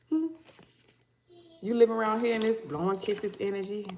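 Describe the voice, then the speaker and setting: Female tarot reader, animated and playful, echoey room. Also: normal speed. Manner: animated, bursts into high mock voices and laughter. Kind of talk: casual tarot reading.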